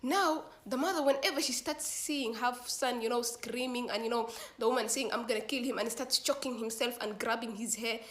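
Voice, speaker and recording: A woman's voice: on the high side, brisk, hardly any pauses. A woman telling a story in a casual, slangy way, acting out the dialogue as she goes. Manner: slangy, animated retelling with quoted dialogue.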